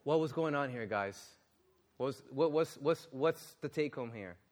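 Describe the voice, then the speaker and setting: A man preaching a sermon and reading scripture, exclaiming and questioning the congregation, then dropping to a low, earnest tone for serious points. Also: moderate pace. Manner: animated, exclaiming and asking the audience questions.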